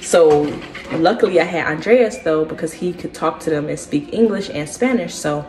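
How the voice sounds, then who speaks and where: Young woman vlogger, slightly low voice, animated and chatty as she tells her story to the camera. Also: moderate pace, slight background noise. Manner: animated, keeps addressing listeners as "y'all"; acts out other people's words as she tells it.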